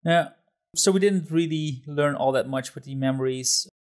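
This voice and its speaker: A man's voice: fairly high pitch, normal speed. A man hosting a casual podcast chat, agreeable, steering the topics and laughing often. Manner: steering the talk, agreeable, with frequent laughs and fillers. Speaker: podcast host.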